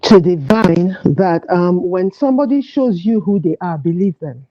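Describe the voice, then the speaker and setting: A low-voiced woman calls in and gives earnest advice, pausing and restarting as she works out her words. Her voice comes through a dull, lo-fi phone line. The sound is dry, with no room around it. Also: lively intonation, no room sound. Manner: earnest, advising, with pauses and restarts. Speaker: caller. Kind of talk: call-in advice chat. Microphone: phone call. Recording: dull, lo-fi call audio, dry.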